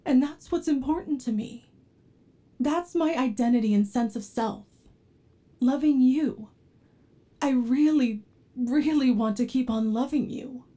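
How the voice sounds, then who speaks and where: Woman playing a yandere android, soft-voiced. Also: sits high, measured pace, long pauses. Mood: apologetic, pleading. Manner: soft and pleading, flaring into anger. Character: obsessive devoted yandere android, adult, unstable temper. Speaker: ASMR role-play performer. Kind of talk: whispered role-play.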